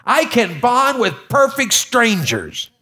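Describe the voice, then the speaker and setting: Man, high voice, folksy preacher who jokes with his flock and repeats himself. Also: wildly swooping pitch, takes it slowly, sharp tone. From Tennessee, USA. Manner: folksy, joking with congregation, repeats words. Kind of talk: sermon.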